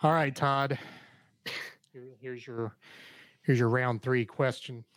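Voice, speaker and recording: A man's voice: mid-range voice, steady tone, slow, fairly bright tone, no room sound. A man hosting a quiz on a podcast, easygoing and stop-start. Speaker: quiz host. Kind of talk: casual chat.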